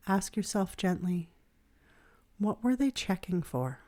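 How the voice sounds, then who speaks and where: A woman therapist hosting a podcast, reading her reflective script in a gentle, measured, soothing way. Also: medium pitch, very animated. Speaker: child therapist and podcast host.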